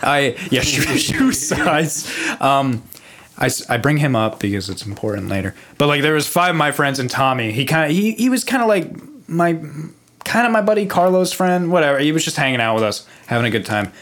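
A man's voice: mid-range voice, expressive, a little fast, a bit bright. Young man, podcast guest, casual storytelling, rambling, profane, lots of fillers.

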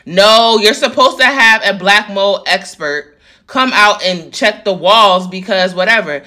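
A woman with a bright, forceful voice vents to her viewers in a casual storytime rant. She talks straight to them, animated and profane. She sits in a roomy home office. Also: medium pitch, unhurried. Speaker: vlogger.

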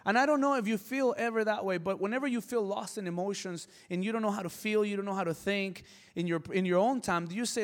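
A man's voice: high voice, fast talker, long reverb tail. A man preaching a sermon with passion, repeating words for emphasis and telling stories. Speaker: pastor.

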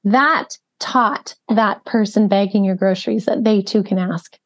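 A woman's voice: medium pitch, a little slow. A woman podcast host telling stories in a chatty way, full of fillers like "like" and "you know.". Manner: chatty storytelling with frequent fillers. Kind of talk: casual podcast conversation. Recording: muffled, dull lo-fi audio.

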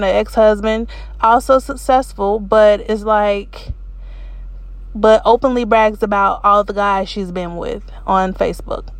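Woman storyteller, gravelly low fry, unhurried delivery, candid casual chat with emotional repetitions. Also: dry recording. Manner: colloquial, says y'all.

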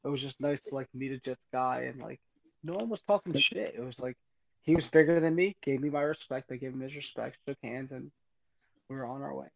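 A man telling a casual story on a podcast, animated and acting out both sides of it. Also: mid-range voice, fairly quick, vocal fry. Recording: muffled lo-fi audio.

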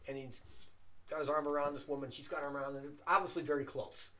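A man in casual chat, excitedly telling an anecdote with plenty of swearing. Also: fairly high pitch, fast, a little hiss or hum. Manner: animated, excitable storyteller who swears.

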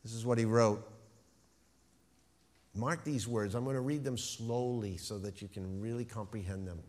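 A man preaching a sermon, stressing key words with slow, emphatic phrasing. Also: on the low side, darkish tone. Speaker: pastor.

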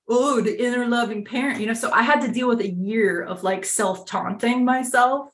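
A woman's voice: mid-range voice, fairly bright tone. A young woman from New York candidly sharing her recovery story in a frank, casual way, full of "like" and "you know" and the odd swear word. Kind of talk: candid personal share. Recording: roomy echoey sound.

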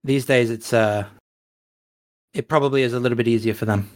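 English guy coaching esports, middle pitch, talks frank and laid back. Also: fairly even intonation, a little fast. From England. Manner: frank, reflective, casual phrasing. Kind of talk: casual interview answers.

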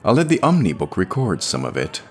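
A wry, very deep-voiced young dream traveler. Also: male voice, huge pitch swings, a little fast, soft background music. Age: young adult. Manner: wry, conversational storytelling. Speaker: narrator. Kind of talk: audio drama monologue narration.

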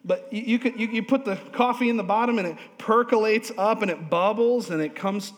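A male pastor preaching a lively, humorous sermon in a church, drawing responses from the congregation. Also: sits high, brisk. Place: church sanctuary. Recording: long hall reverb.

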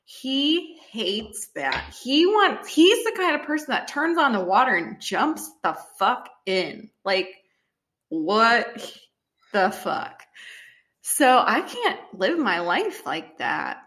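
Bright-voiced young woman, casual chat. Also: high-pitched, very animated, slow pace, hardly any pauses. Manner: laughing, joking, swears casually.

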